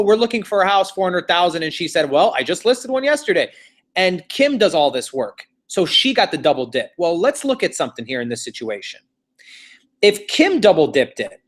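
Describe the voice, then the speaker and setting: A man's voice: on the high side, a bit bright. A man teaching a real estate class, telling a story in a casual, chatty, repetitive way.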